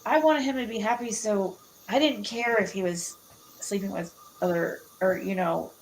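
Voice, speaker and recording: A woman talks casually in a hesitant, rambling way. Her pitch sits in the middle range. A faint background noise runs under her voice. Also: moderate pace, low-quality recording. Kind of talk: casual chat.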